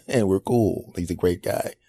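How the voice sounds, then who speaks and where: A man's voice: low voice, a little slow, dark tone, breathy edge. A man in his forties hosting a podcast, telling a casual monologue and acting out little quoted reactions. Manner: conversational storytelling with acted-out quotes. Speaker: podcast host.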